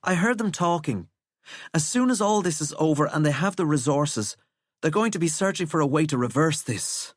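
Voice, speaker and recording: Guy doing a sincere, unsure teen boy, hesitant, lively pitch, dry mic. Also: normal speed, dry recording. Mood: earnest. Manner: earnest, hesitant. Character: earnest, unsure teenage boy.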